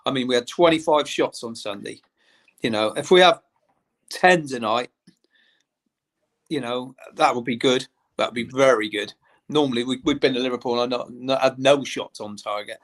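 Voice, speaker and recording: A man's voice: mid-range voice, moderate pace, a bit bright. A man on a football chat panel, rambling and encouraging, filling his talk with "you know". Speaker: regular panelist.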